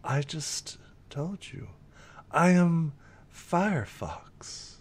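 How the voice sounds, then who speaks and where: A man voicing a sly, smooth-talking male fox made of fire, oily and flattering, speaking slowly. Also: a little high, pitched above the performer's own voice, exaggerated voice. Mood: patient.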